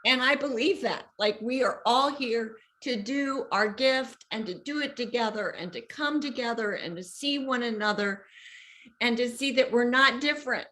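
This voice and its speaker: A middle-aged woman guest telling heartfelt stories in conversation, emotional and expressive. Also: a little high, normal speed, a little hiss or hum, low-quality recording. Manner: emotional, voices others in quoted lines. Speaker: guest, youth organizer.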